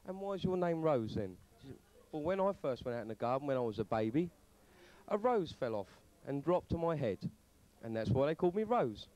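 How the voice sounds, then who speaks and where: Lively man telling a joke. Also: on the high side, low-quality recording. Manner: hesitant start, then lively storytelling.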